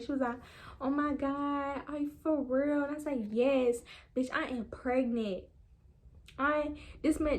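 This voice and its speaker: Slangy young woman telling a story. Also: on the high side. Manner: animated, slangy, talks straight to viewers. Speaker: vlogger. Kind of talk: storytime vlog.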